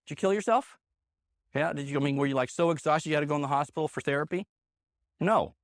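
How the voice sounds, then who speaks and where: A man's voice: a little high, fairly even intonation, fast, no echo, studio quality. A man teaching a live sales seminar to a room of trainees, punchy and emphatic, hammering key points again and again. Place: meeting room with an audience. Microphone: handheld microphone.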